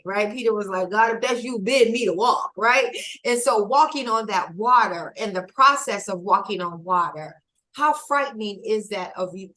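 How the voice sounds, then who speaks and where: Woman guest, reflective and halting, emotional as she talks. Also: medium pitch, sharp tone, poor audio. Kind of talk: emotional conversational sharing.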